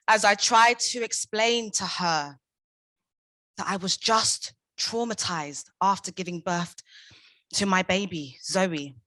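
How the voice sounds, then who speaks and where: A woman's voice: mid-range voice, fairly even intonation, unhurried, pushed and bright, no echo. A young adult woman giving a prepared conference talk, impassioned and emphatic, driving her points home with rhetorical questions. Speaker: conference speaker, founder of a maternal support group.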